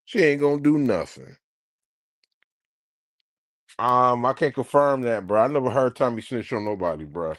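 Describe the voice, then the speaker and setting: Animated ranting man, lively pitch. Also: normal speed, long pauses, no room sound, clean studio sound. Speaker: streamer. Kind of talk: casual reaction commentary to live chat.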